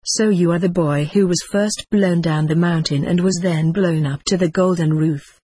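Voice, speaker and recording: Woman reading grumpy pompous old monk boss, lowish husky voice, dry close sound. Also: steady tone, normal speed, warm tone, no echo. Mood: oily. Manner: scolding, blustering, then falsely sweet. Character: stern, pompous older male monk overseer.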